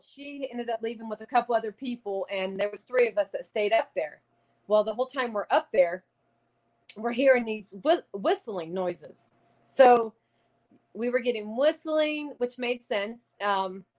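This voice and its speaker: A middle-aged woman tells a ghost story in a slightly high voice. She is a medium, and she talks with earnest drama, stringing the tale together with "you know" and "like.". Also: low-quality recording. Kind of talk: conversational ghost story telling.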